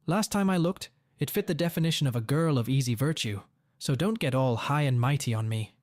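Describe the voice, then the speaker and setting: A man voicing an angry middle-aged father, blunt and determined, giving forceful retorts in a dry, close read. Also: medium pitch, brisk, dry recording, close to an everyday voice.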